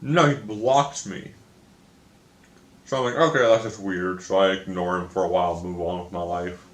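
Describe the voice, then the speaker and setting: A man's voice: deep voice, steady tone, normal speed. A young man telling a story in a casual, frustrated rant, swearing often and repeating himself. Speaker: video creator. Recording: echoey room.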